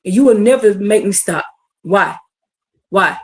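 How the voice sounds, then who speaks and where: A woman preaching a fervent livestream sermon, swinging from hushed to shouting as she calls out to her listeners. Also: medium pitch, a little slow.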